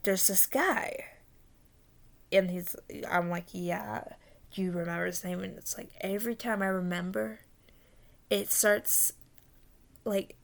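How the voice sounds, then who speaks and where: A young woman casually recounting a dream in a rambling, halting way, full of fillers and restarts, often dropping into whispers. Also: medium pitch, creaky. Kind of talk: casual storytelling.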